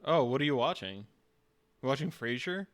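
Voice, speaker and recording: A man's voice: mid-range voice, lively intonation, normal speed, fairly bright tone. A male streamer with an ordinary mid-range voice chats casually on a live stream. He jokes and teases in a loose, playful way and laughs often. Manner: joking, teasing, laughs often.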